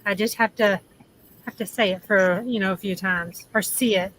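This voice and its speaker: A Southern woman with a bright, lively tone, chatting casually as a livestream host. She laughs easily and trails off with ums between thoughts. A faint hum of outdoor ambience sits behind her, as she talks in the shade under an awning. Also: mid-range voice, moderate pace, poor audio.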